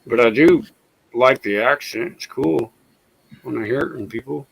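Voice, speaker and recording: Gravelly Southern American man, swearing casually. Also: medium pitch, moderate pace, rough recording. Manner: laid-back, swearing often. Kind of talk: casual chat.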